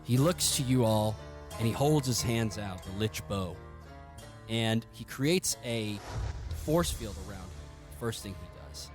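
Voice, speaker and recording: A man's voice: fairly low pitch, animated, measured pace, music in the background. Man narrating as game master, profane and jokey. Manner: profane, jokey, vivid storytelling.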